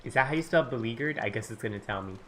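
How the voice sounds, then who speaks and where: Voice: mid-range voice, expressive, racing, noisy background. A streamer thinking aloud during a casual writing stream, talking in loose, rambling sentences full of "like" and restarts. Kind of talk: casual live-stream chat while writing.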